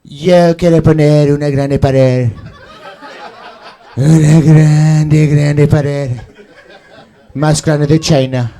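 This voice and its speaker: A blustering older male politician brags in slow, stretched-out words, as a stand-up comic does the voice. The tone is very dark and heavy. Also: on the high side, steady tone. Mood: boastful. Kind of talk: stand-up impression.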